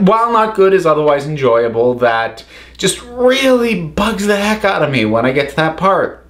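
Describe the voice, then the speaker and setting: A woman hosting a video rant, exasperated and incredulous, often shouting questions. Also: mid-range voice, lively intonation, normal speed, echoey room. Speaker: host.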